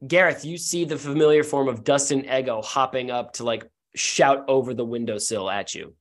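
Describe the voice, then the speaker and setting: A man's voice: mid-range voice, moderate pace. A man narrating as game master, casual with many fillers.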